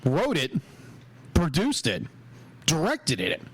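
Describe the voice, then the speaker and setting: A man's voice: fairly high pitch, huge pitch swings, takes it slowly, breathy edge. A man co-hosting a podcast, recounting a movie in a rambling, enthusiastic way with frequent restarts. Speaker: podcast co-host. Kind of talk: casual chat.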